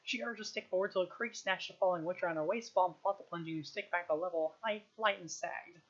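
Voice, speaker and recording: A woman's voice: fairly low pitch, muffled recording. Woman reading a novel aloud on stream. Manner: quick reading with frequent throat-clearing. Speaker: reader, streamer.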